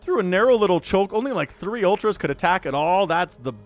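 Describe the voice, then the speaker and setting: A man casting a strategy game match solo, giving excitable play-by-play with jokey asides and little voiced quips for the units. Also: high-pitched, a little fast, a little hiss or hum. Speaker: esports shoutcaster.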